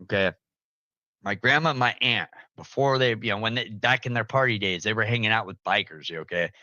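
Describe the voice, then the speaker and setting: Young man, casual storytelling, bright forceful voice, dry close sound. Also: a little fast, no room sound, lo-fi sound. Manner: animated storyteller, jumps into loud high-pitched quoted voices, laughs often.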